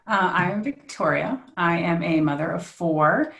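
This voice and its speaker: A woman in her thirties, a guest chatting casually in an interview, relaxed and halting with fillers. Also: on the low side, vocal fry, muffled recording. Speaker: guest, tea business co-owner. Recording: echoey room.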